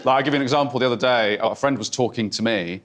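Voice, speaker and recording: A man's voice: medium pitch, quick pace. A man doing stand-up comedy in a theatre, talking in a hesitant, awkward, mock-intimate way with sudden outbursts. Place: theatre stage before a laughing audience. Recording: loud crowd laughter in a theatre. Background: audience laughter.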